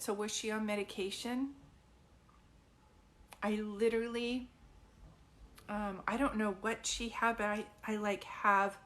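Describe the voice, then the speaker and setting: A young woman giving a live psychic reading to a viewer, talking in a drowsy, halting and emotional way, full of fillers and restarts. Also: medium pitch, flat delivery, fairly bright tone. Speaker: psychic medium.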